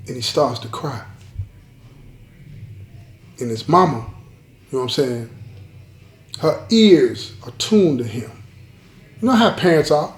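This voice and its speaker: Male storyteller host, emphatic and repetitive, fairly high voice, echoey room. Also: expressive, a little slow, long pauses. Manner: emphatic, repeats lines, addresses audience. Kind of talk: dramatic storytelling to viewers. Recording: roomy echo.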